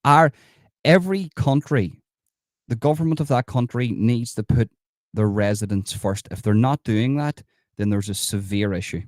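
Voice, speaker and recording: A man's voice: mid-range voice, normal speed, darkish tone, dry recording, clean studio sound. Emphatic Irish man hosting a livestream. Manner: emphatic, repetitive, addresses viewers as folks. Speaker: livestream host. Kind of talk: livestream commentary reading chat.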